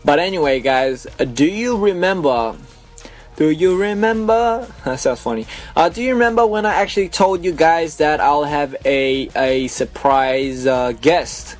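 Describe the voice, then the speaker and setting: A young man with an Australian accent hosting a casual radio chat, full of fillers and quick laughs. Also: medium pitch, soft background music. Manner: chatty, laughs often, many fillers. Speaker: radio host.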